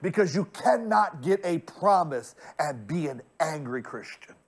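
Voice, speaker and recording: A male pastor preaching a sermon, turning often to speak straight at the congregation and swinging from loud, stretched-out lines to hushed ones. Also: a little high, lively intonation, measured pace, breathy edge. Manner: addresses the congregation directly.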